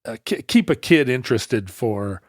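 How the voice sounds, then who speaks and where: A man's voice: mid-range voice, animated, normal speed, no room sound, studio quality. A man co-hosting a podcast, telling rambling stories in casual chat with many restarts. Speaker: podcast co-host.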